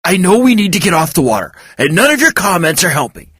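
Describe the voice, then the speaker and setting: A man's voice: high voice, very animated, quick pace, fairly bright tone, husky, no room sound, clean studio sound, pitched above the performer's own voice, full character voice. A man voicing Hawk, a curt ship captain who barks orders during a storm. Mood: commanding. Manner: commanding, curt.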